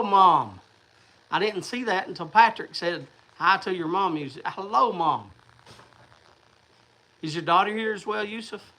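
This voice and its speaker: A man whose voice is on the high side and sharp in tone hosts a livestream, heard through a rough recording. He talks casually and rambles to his viewers, with frequent fillers and restarts.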